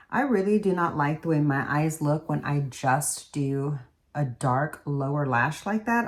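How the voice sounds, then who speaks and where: A woman beauty vlogger chatting casually as she does her makeup in a tutorial. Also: low-pitched. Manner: chatty, talks while doing makeup.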